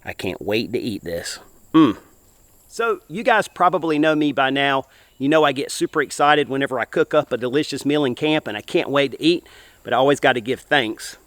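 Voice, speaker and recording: A man's voice: fairly high pitch, fairly quick, a bit bright, no room sound. A man hosting an outdoor cooking show, talking to viewers in a folksy, upbeat way from a campfire in the woods. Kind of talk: enthusiastic cooking vlog.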